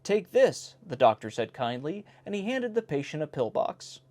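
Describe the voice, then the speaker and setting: Lively man reading old jokes aloud. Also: a little high, moderate pace. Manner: wry, breaks off to comment on each joke. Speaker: host reading an old joke book. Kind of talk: casual reading aloud with commentary. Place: indoor home recording in South Carolina.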